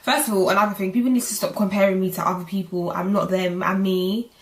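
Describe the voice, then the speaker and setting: A woman's voice: mid-range voice, fairly even intonation, quick pace. A young woman in her twenties with a London accent, chatting casually and animatedly to her viewers in a vlog, often out of breath. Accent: London English. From England. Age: 20s. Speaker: vlogger. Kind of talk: casual pregnancy vlog chat.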